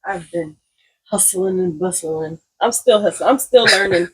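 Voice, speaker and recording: A woman who is an entrepreneur, talking in a relaxed, reflective way on a casual podcast. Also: lowish voice, measured pace, a little hiss or hum, low-quality recording. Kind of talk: casual chat.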